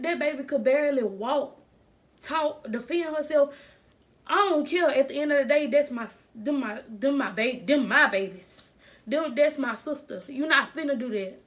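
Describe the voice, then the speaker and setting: A woman's voice: sits high, moderate pace, a bit bright. A young adult woman telling a personal story in a vlog, speaking in an earnest, emotional way.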